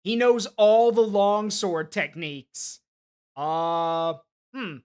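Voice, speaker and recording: A man's voice: sits high, steady tone, takes it slowly, a little mellow, clear, resonant tone. A man streaming a game, rambling casually with laughs and swearing. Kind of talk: casual gameplay commentary.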